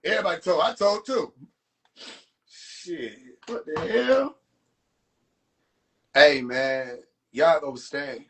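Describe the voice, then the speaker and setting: A man ranting and mocking in a profane, animated rant to a live audience, streamed from a phone. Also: fairly high pitch, slow, pauses often. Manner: animated, profane, rants and mocks. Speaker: livestream host. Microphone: phone livestream.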